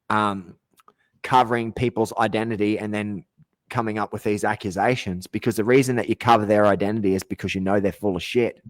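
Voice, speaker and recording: A man's voice: fairly low pitch, no room sound. A middle-aged Australian man hosting a podcast, ranting in an aggrieved, profane monologue and often breaking off mid-sentence. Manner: profane, aggrieved, self-interrupting. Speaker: podcast host.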